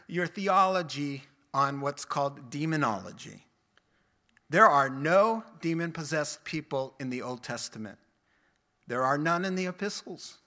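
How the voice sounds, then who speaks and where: A man preaching a sermon in a plain-spoken, conversational way, animated and acting out the quotes he tells. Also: a little high. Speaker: pastor.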